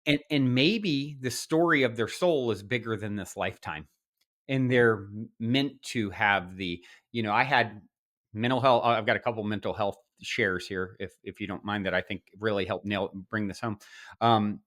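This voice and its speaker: Middle-aged man, podcast guest; bright, lively storyteller who restarts often. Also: on the low side, normal speed. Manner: animated, many restarts and quoted asides. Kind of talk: storytelling in conversation.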